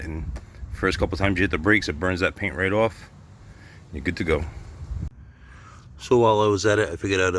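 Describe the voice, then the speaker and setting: With a little hiss or hum in the background, a middle-aged car repair vlogger with a lowish, fairly bright voice jokes offhandedly. He works on a car in his garage for a casual how-to vlog.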